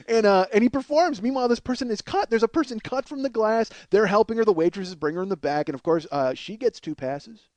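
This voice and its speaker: High, animated man telling a profane story. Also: dry recording. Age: 40s. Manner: animated, swears a lot, laughs through his story. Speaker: comedian and podcast host.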